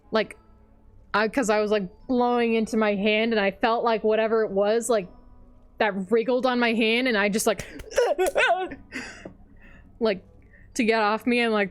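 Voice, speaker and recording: A woman's voice: mid-range voice, fairly bright tone, smooth, no echo. A young adult woman streaming a game and chatting casually, rambling with lots of fillers and frequent laughter. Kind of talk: casual chat while gaming.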